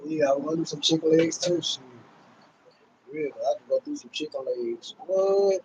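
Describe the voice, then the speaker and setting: On a home livestream, a male host chats in a laid-back, loose way and keeps calling out to his viewers. His voice is fairly high and darkish, a little slow, with frequent pauses. The recording has its highs cut off and carries a little hiss or hum.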